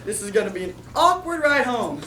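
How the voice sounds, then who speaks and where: A teenage boy acting an awkward young man on a date, halting and unsure, in a live school comedy. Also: very high-pitched, sing-song. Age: teens. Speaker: student actor. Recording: echoey school hall from far off, music.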